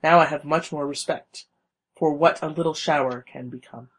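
A man reading his own short story aloud in a calm, reflective way. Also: on the high side, moderate pace, poor audio.

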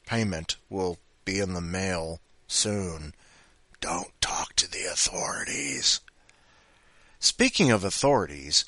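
A man's voice: on the low side, bright, forceful tone, dry recording. A man hosting a podcast, rambling in a self-deprecating, jokey way between segments. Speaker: podcast host. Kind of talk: casual chat.

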